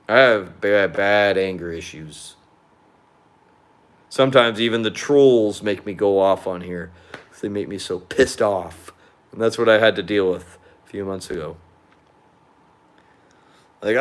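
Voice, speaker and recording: A man's voice: lowish voice, a bit bright. Young male vlogger, casual venting monologue, rambling, swears freely, beer in hand. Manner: blunt and profane, rambling; drinking beer while chatting.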